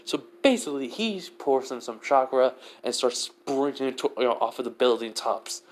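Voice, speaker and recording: A man's voice: medium pitch, animated, moderate pace. Young man rambling through a fan story. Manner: rambling, heavy with fillers. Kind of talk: improvised story narration.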